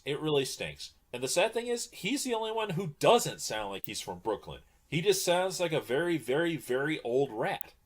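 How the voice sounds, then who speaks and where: A man hosting a casual movie review chat, talking in an animated, mocking way. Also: a little high.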